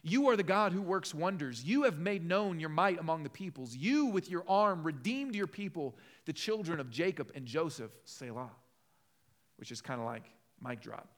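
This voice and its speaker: Guy pastor preaching, high voice, gets loud and fired up then drops down chatty. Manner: passionate, rises to loud emphatic peaks then drops low and conversational. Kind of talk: sermon.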